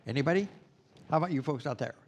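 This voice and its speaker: A man's voice: fairly high pitch, very fast, a little mellow. Rambling, chatty male Santa-school instructor. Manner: rambling and conversational, with many "you know"s. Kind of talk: teaching a class. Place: classroom with students present.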